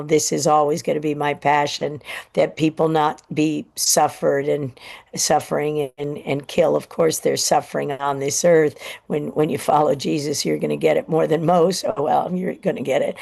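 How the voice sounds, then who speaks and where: Gravelly woman telling a story. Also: sits low, darkish tone. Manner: rambling, halting, many restarts. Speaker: show host. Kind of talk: emotional personal storytelling.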